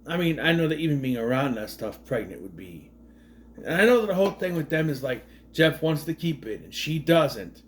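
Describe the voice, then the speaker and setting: A man with a slightly higher-than-usual voice who talks through a film recap in a loose, rambling way. He restarts his sentences and leans on fillers. He keeps tossing in sardonic questions. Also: big pitch swings, normal speed. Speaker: movie commentary host. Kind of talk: casual spoken movie recap.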